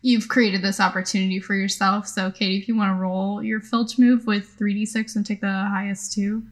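Relaxed young woman running a tabletop game. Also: mid-range voice, normal speed. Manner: relaxed, amused narration. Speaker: game master.

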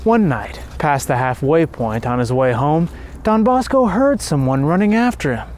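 Reverent male narrator, slightly high voice. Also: expressive, moderate pace, darkish tone, slight background noise. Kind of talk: scripted narration of a devotional story.

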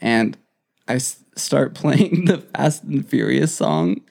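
Young male podcast co-host, casual, laughs through his stories, relaxed slow delivery with a gravelly edge. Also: mid-range voice. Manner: giggly, breaks into long fits of laughter while storytelling. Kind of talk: casual chat.

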